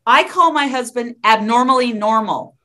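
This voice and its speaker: A woman in her fifties speaking openly as an interview guest, frank and quick to laugh, with some stumbling restarts. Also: a little high, pushed and bright. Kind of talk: candid interview conversation.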